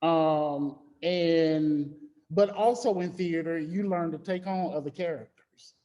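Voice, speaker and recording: A candid man speaking on a casual panel, an artist who talks through his thoughts with plenty of ums. His voice sits slightly high for a man. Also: slow, warm tone, muffled recording.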